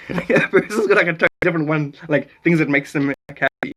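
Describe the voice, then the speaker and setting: This man's voice sits a little high and has a touch of brightness, and he talks quickly. Chatting loosely on a phone live stream, he wanders from topic to topic, laughs, replies to viewers' comments and makes playful stabs at German.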